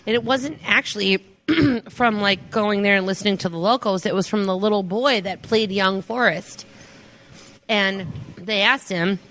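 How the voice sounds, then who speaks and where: A woman co-hosting a casual podcast chat, chatty and quick to laugh. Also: mid-range voice, a bit bright. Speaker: podcast co-host.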